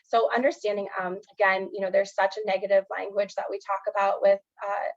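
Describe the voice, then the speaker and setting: A woman's voice: medium pitch, little pitch movement, a little fast. An earnest woman counselor gives an educational presentation, her mid-range voice scattered with "um" and "you know". The sound is slightly dull and lo-fi, like a webinar recording. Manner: earnest, filler-heavy, often says "um" and "you know".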